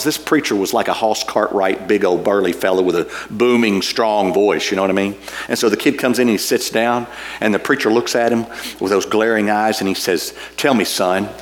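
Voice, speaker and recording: A man preaching a sermon, reading scripture and telling a folksy story with frequent fillers and repeats. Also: on the low side. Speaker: pastor.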